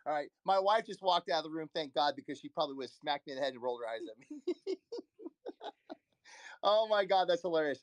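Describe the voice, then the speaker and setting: High-voiced, excitable man co-hosting a chat. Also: quick pace, pauses often, dry recording. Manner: laughs often, excited and rambling. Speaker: co-host. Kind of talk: casual chat on a live audio room.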